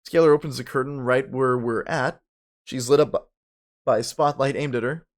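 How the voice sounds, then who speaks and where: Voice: medium pitch, moderate pace. A narrator reading a story game aloud in the first person, with casual asides.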